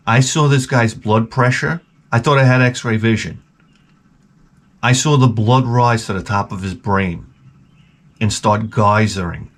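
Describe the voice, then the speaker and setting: A man hosting his own channel, telling a rambling, profane comic story and acting out the people in it. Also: medium pitch. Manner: rambling, profane, with acted-out quotes. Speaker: channel host. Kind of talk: comedic storytelling rant.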